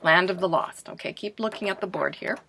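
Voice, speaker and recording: A woman's voice: fairly low pitch, background noise. A woman teaching a pronunciation lesson in a staged classroom, asking questions and answering them herself as if students replied. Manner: clear, deliberate teacher delivery.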